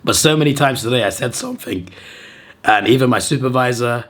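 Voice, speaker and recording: A man talks casually to his viewers, his voice hoarse and husky from a sore throat. He keeps laughing at himself between words, with a middle-pitched voice. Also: brisk, a bit bright. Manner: self-deprecating and laughing often. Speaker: video host. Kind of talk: casual talk to camera.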